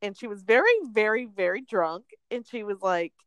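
A young woman gossiping in a casual chat, full of "like" and quick asides. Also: mid-range voice, clear, resonant tone, no echo. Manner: chatty, lots of "like", laughs often.

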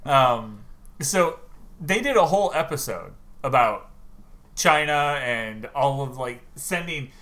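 A man chatting casually on a podcast, retelling stories in an animated, laughing way and swearing freely. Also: medium pitch, slow pace. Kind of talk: casual chat.

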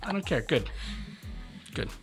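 A man co-hosting a podcast in casual chat, animated and opinionated, laughing easily. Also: a little slow, faint music behind. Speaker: podcast co-host.

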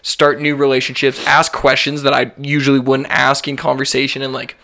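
A man's voice: mid-range voice, completely flat delivery, fairly quick, creaky, pushed and bright. A man hosting a casual podcast, talking in a laid-back, slangy way with lots of "like". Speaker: podcast host.

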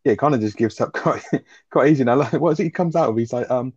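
A man's voice: mid-range voice, fast talker, a little mellow, slightly rough, no room sound, muffled recording. A man, co-hosting a casual podcast chat, enthusiastic and swearing, with plenty of fillers. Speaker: podcast co-host.

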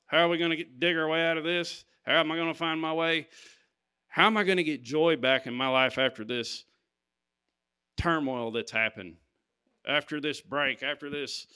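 A man's voice: a little high, bright, forceful tone, smooth. A man preaching a sermon, reading scripture and talking to the congregation in an emphatic, conversational way.

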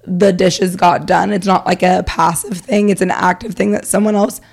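A young woman co-hosting a podcast, chatting in a relaxed, conversational way. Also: lowish voice, moderate pace, creaky. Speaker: podcast co-host. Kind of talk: casual chat.

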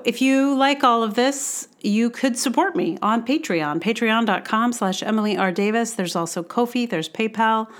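A woman's voice: medium pitch, clear, resonant tone. A woman hosting a podcast in casual chat, talking in a chatty, self-deprecating way with plenty of ums and uhs. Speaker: podcast host.

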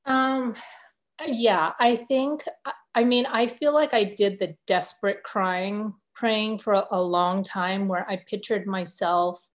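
A woman's voice: medium pitch, takes it slowly. A woman guest in a conversational interview, telling her story in an earnest, openly emotional way.

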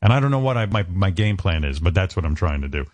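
Male radio host, low voice, dry studio sound, chatty animated storyteller. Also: quick pace, no room sound. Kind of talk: casual on-air chat and storytelling.

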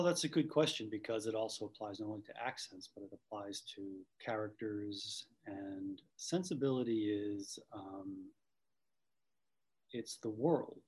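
A man's voice: fairly low pitch, darkish tone, slightly rough, low-quality recording. A man from the Boston area, an acting coach, talking thoughtfully in an interview with many restarts. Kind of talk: conversational interview.

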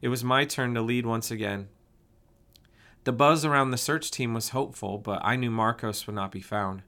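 A man narrating a first-person story in a steady, plain way. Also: mid-range voice, moderate pace. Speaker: audiobook narrator.

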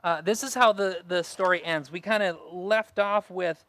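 A man's voice: high-pitched, normal speed, fairly bright tone. A young adult man preaching a sermon as pastor, earnest and fond of repeating key phrases.

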